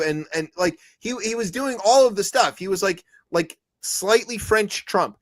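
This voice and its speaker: Rambling jokey man, higher voice. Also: lively intonation, a little slow, hardly any pauses. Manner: rambling, jokey, many restarts and put-on quotes. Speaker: podcast co-host. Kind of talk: comedic news chat.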